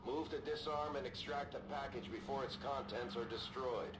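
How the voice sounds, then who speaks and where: An actor playing a calm male military mission controller, giving formal briefings in a video game. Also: medium pitch, background noise, natural voice. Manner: measured, formal radio-style briefing. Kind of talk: scripted game dialogue. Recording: roomy game audio with music.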